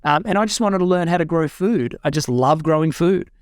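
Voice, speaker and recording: A man's voice: on the high side, animated, a little fast, dry recording, clean studio sound. A young adult man talking casually and enthusiastically as a guest, with frequent fillers and restarts. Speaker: guest speaker. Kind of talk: casual talk. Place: home in a rural eco-village.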